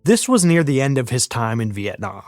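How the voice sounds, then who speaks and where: A man hosting a podcast, reading scripted narration in a measured, even way. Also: medium pitch, no echo, clean studio sound. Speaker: podcast host. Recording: faint music underneath.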